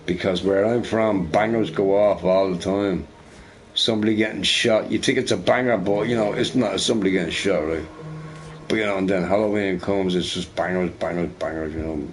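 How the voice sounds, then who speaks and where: A man's voice: sits low, fairly even intonation, moderate pace, a little hiss or hum. A man telling a long, rambling story while playing a video game. He swears freely, repeats himself and keeps adding "you know, right?". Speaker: gamer recording gameplay. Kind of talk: casual storytelling over gameplay.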